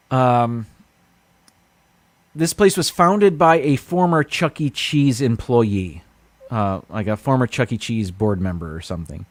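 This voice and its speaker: A man chats through a solo livestream in a meandering, halting way, often stumbling over fillers. His voice sits at a middle pitch and sounds dry and close, with little room sound. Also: dry recording. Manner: rambling, hesitant, full of fillers. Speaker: livestream host. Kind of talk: casual solo livestream chat.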